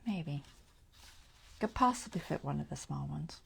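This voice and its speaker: A woman hosting a crafting livestream from home, chatting casually as she thinks aloud through her choices and often dropping into soft, half-whispered asides. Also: deep voice, animated, measured pace, gravelly, slightly rough. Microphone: wearing a mic.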